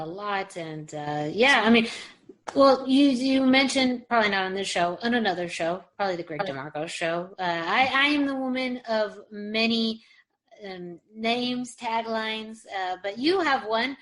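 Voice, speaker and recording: A woman's voice: mid-range voice, animated, normal speed. A woman co-hosting a casual podcast, chatty and rambling, laughing often, recorded over a video call. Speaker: podcast co-host. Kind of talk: casual chat. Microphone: webcam video call.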